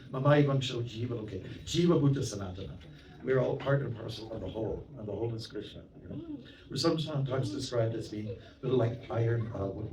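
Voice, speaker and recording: Chatty monk lecturing in a roomy hall. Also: male voice, fairly low pitch. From Canada. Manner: chatty, anecdotal, with many "you know" asides and audience questions. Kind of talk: storytelling sermon to a temple audience. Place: temple hall. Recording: roomy hall, mic at a distance, audience present.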